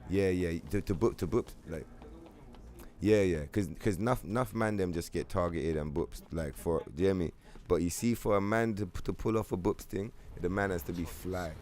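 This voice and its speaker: A man's voice: low voice, normal speed, a little mellow. A young man from London with a London accent, chatting casually on a gaming stream in loose slangy banter, answering his chat and swearing freely.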